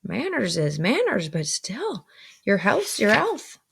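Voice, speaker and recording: A gentle, simple-hearted working man speaks slowly and earnestly, as a woman reading aloud puts him on. His words are drawn out and solemn. The voice carries a husky, gravelly texture. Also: medium pitch, huge pitch swings, full character voice. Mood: solemn worried.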